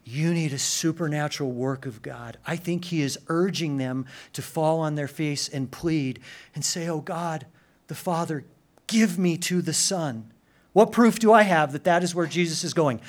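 A man preaching a sermon, swinging from loud urgent emphasis to hushed intensity, with casual slang asides. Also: fairly high pitch, normal speed. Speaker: pastor.

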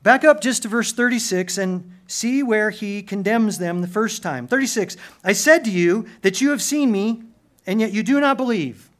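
A man preaching a sermon, swinging from loud urgent emphasis to hushed intensity, with casual slang asides. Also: high voice, expressive, normal speed. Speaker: pastor.

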